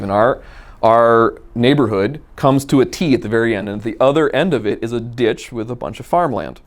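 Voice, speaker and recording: A man telling a personal car story in a casual, animated way, acting out the dialogue. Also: medium pitch, brisk. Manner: animated, acts out quoted dialogue. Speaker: guest storyteller.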